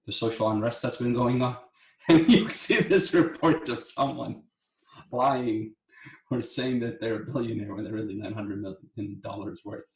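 A man co-hosting a podcast in casual chat, reflective and halting, often repeating his words. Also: mid-range voice, darkish tone. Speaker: podcast co-host. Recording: roomy echo.

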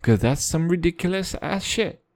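A man's voice: animated, moderate pace, a little mellow. Rambling profane young man ranting. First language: Russian. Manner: rambling, profane, silly, with sudden jumps in pitch. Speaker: comedian. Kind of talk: casual comic rant.

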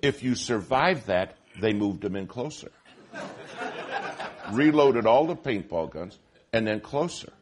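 A man preaching a sermon in an auditorium, telling stories with lively swings from hushed to loud. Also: lowish voice, measured pace, pauses often, a faint crowd. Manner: animated storytelling, shifting from hushed to loud.

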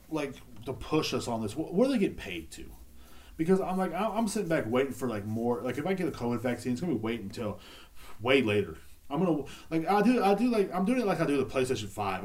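A man's voice: mid-range voice, a little mellow. A young man, ranting casually and profanely on his own podcast, rambling with many restarts. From Texas. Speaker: podcast host. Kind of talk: casual solo rant.

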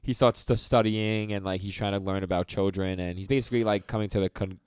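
Podcast dude rambling through an anime recap, lowish voice, dry mic. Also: male voice, steady tone, fast, a little mellow, smooth, dry recording. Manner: rambling, many fillers, acts out character lines. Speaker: podcast co-host. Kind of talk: casual chat recapping an anime episode.

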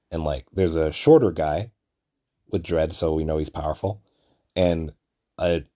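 A man hosting a podcast, telling a rambling, profane story with lots of fillers and restarts, acting out the people he quotes. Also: deep voice. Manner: acts out quoted people in animated bursts. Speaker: podcast host. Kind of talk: casual storytelling monologue.

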